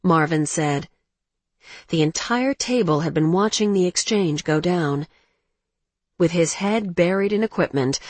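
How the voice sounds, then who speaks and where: A woman narrating a first-person romance audiobook in a measured, emotional way. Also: fairly low pitch, no echo.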